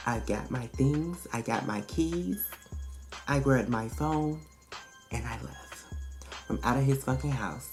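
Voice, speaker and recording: A woman vlogger telling a storytime in a casual, blunt and profane way, animated and emphatic as she retells it. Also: a bass voice, takes it slowly, soft background music.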